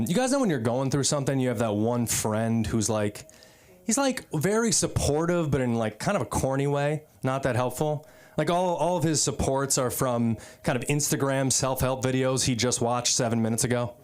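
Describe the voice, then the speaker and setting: Smooth and a touch mellow, this man's medium-pitched voice carries his open-mic stand-up routine at a comedy club. He's from the East Coast of the US and rambles casually, dropping in fillers and tangents.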